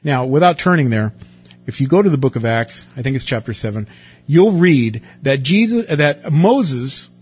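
A man's voice: medium pitch, expressive, normal speed, darkish tone, husky, muffled recording, soft background music. A man preaching a sermon in a conversational way, asking his listeners rhetorical questions and stressing words. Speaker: pastor.

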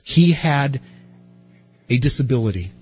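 A man's voice: medium pitch, animated, measured pace, a little mellow, husky, lo-fi sound, soft background music. A man preaching a sermon in a conversational way, asking his listeners rhetorical questions and stressing words. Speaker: pastor.

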